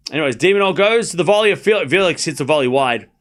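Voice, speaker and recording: A man's voice: fairly high pitch, lively intonation, quick pace, a bit bright. A man hosting a live tennis watchalong, chatting casually with viewers and calling out scores in a jokey, rambling way. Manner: chatty, jokey, calls scores while reading chat. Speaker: watchalong host.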